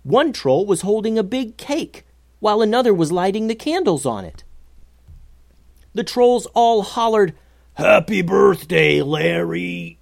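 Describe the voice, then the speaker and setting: Animated children's-story narrator, lively pitch, unhurried. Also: no echo, studio quality. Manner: animated, expressive.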